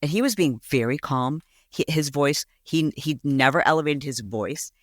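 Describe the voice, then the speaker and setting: A woman's voice: low-pitched, animated, moderate pace, no room sound, studio quality. A woman hosting a podcast, telling a story in a casual, gossipy way and acting out voices in quotes. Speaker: podcast host.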